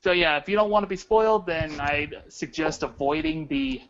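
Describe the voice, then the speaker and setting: A young man hosting a casual podcast chat, animated, slangy and quick to laugh. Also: on the high side. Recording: dull lo-fi audio with faint hiss.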